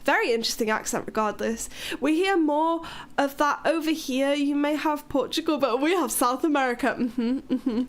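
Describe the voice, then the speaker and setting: High-voiced British woman streamer. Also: moderate pace. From Wales. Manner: chatty, rambling, frank with swearing. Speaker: livestreamer. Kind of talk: casual live-stream chat.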